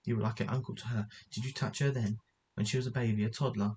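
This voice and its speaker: A man's voice: mid-range voice, fairly even intonation, fast talker, darkish tone, slight background noise, lightly acted. A man reading the lines of an enraged mother who accuses a man of preying on her daughter, in a plain storybook reading. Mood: furious accusing. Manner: accusing, bitter, plainly read. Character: enraged mother confronting a predator.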